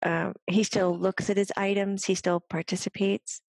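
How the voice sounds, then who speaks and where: A woman's voice: medium pitch, little pitch movement, normal speed, a little mellow, no echo. A woman working as a medium on a talk show, chatting casually, laughing often and passing on what a spirit tells her. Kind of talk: casual chat.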